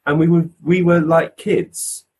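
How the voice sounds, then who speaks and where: Husky male storyteller. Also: on the high side, unhurried, low-quality recording. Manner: animated storyteller, acts out quoted voices. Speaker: physical medium, podcast guest. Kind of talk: casual anecdotal storytelling.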